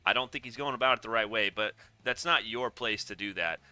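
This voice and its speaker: A man's voice: fairly low pitch, brisk, pushed and bright, dry recording. A man casually reacting to a video, rambling and sarcastic, often getting worked up and swearing. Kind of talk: casual profane reaction commentary.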